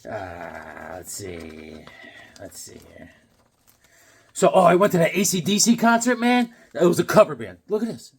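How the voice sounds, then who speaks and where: Man, fairly high voice, lively swoops, rambling show-and-tell, chuckles, lots of fillers. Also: measured pace, gravelly, a little hiss or hum. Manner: rambling, chuckling, full of fillers and self-talk. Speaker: comics vlogger showing his drawings.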